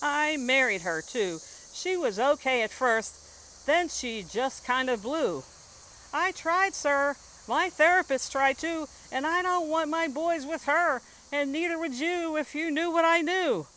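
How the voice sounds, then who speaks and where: A woman's voice: high-pitched, animated, unhurried, pushed and bright, voice pushed up, exaggerated voice, low-quality recording. A woman voicing an aggrieved husband who insistently complains to a judge about his wife. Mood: complaining.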